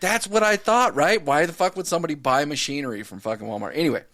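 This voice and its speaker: A man's voice: a little high, fast talker, a bit bright, close to an everyday voice. A man improvising a stammering, overwhelmed male cashier who curses back at customers in a comedy skit. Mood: flustered. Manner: flustered, stammering, cursing back.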